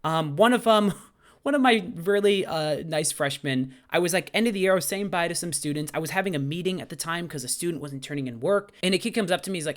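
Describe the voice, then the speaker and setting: Higher-voiced young man, animated vlog chat. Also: quick pace. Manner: animated and outspoken, casual swearing. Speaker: high school English teacher. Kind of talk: casual Q&A vlog.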